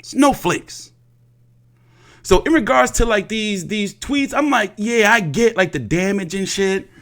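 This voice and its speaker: A man's voice: sits high, normal speed, fairly bright tone. A young man hosting a boxing commentary vlog, talking casually with lots of slang and profanity. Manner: profane, repetitive, street slang.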